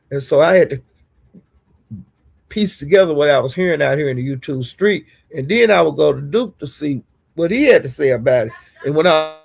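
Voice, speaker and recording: A woman's voice: deep voice, creaky, a little mellow, husky. A woman vlogger giving casual gossip commentary to her viewers, blunt, profane and indignant.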